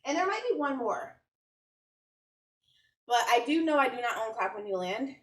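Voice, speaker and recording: A woman's voice: a little high, lively intonation, normal speed, fairly bright tone. A woman from the United States rambling enthusiastically to camera at home about books she wants to read. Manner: chatty, rambling, enthusiastic, self-correcting. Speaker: book vlogger. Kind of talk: casual chat to camera. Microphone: camera a little way off. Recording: roomy sound from a distant mic.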